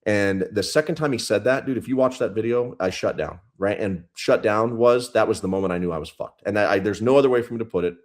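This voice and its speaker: A man's voice: on the low side, quick pace, hardly any pauses. A man in his thirties, a police sergeant guest, telling a story bluntly and profanely in a casual interview. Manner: blunt, profane, intense retelling.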